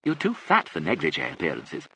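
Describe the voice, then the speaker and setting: A man's voice: a bass voice, huge pitch swings, fairly quick, gravelly, pushed and bright, a little hiss or hum, full character voice, poor audio. A man voicing a theatrical, flippant young aristocratic woman with breezy upper-class chatter.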